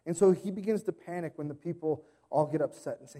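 A man in his thirties delivers a sermon as a pastor. His voice sits a little high but sounds mellow and warm. He talks conversationally and drops into playful impressions while he tells stories. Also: fast, few pauses.

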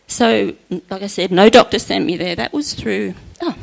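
A middle-aged woman sharing an earnest personal faith testimony at church, chatty and often laughing softly. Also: mid-range voice, normal speed, gravelly, rough recording.

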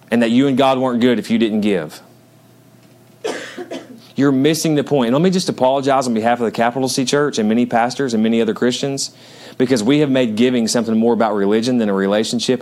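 A pastor preaches to his congregation in a relaxed, conversational way, teasing the crowd between verses. When he reads scripture, his delivery rises and slows for emphasis. His voice sits at an ordinary middle pitch for a man. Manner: conversational, joking, building to emphatic scripture reading. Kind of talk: sermon.

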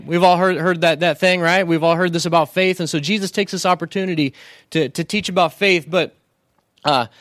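A man's voice: high-pitched, a bit bright, dry recording, clean studio sound. A man preaching a humorous sermon, telling comic stories and checking in with the crowd with rhetorical questions. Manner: joking storyteller who keeps asking the crowd "right?". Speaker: pastor.

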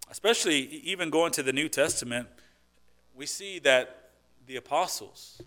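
A man preaching a sermon as pastor, talking to the congregation conversationally with rhetorical questions, swinging between loud emphasis and quiet asides. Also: fairly high pitch.

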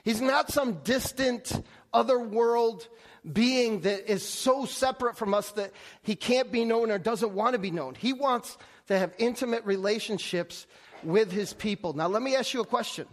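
A man with a notably high voice preaches in a loose, conversational way. He circles back on his words and keeps asking his listeners questions as he teaches. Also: normal speed. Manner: conversational, many restarts and rhetorical questions. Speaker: pastor. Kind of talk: sermon.

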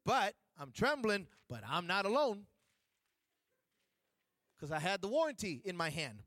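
High-pitched male preacher telling a lively anecdote from the pulpit, dry and close. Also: dry recording. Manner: animated, joking with the congregation. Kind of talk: storytelling sermon. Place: church.

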